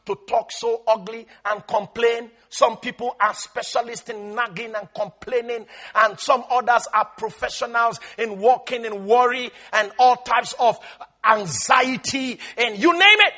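A man's voice: extremely high pitch, measured pace, bright, forceful tone. A male preacher giving an emphatic sermon, calling on the listeners to respond and quoting scripture.

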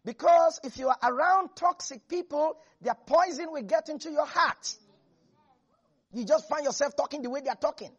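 A preacher delivering a lively sermon to a congregation, laughing often and acting out Bible characters in different voices. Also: high-pitched, moderate pace, dull audio. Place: church with a congregation.

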